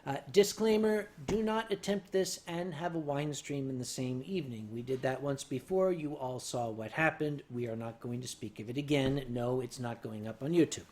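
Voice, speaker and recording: A medium-pitched man speaks at a normal speed while hosting a casual livestream. He answers viewer questions with dry, deadpan humor. He sips sake and gets loose and tipsy as he goes.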